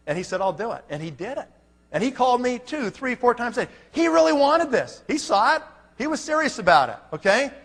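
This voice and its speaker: A man's voice: very high-pitched, brisk. A man giving a motivational business presentation, telling a story and acting out the dialogue. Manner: animated, acts out dialogue. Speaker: network marketing speaker. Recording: reverberant hall.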